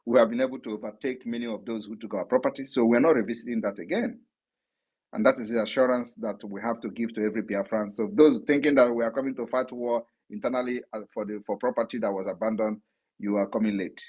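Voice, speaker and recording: Man from Nigeria, emphatic political Q&A answers, mid-pitched voice. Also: steady tone, quick pace, darkish tone, breathy edge, poor audio. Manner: assertive, emphatic, repeats points. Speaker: political leader answering questions. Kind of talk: live audio Q&A broadcast.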